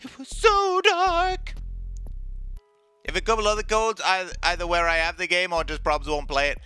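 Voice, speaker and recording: A male streamer chatting casually with his viewers while playing a game, making quick, playful asides. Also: a little high, pushed and bright, smooth, no echo, soft background music. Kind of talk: casual gameplay commentary.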